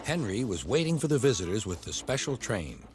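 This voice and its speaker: A man narrating a children's train story in a gentle, expressive scripted reading. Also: on the low side, fairly quick. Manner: gentle and expressive, doing all the voices. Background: music score.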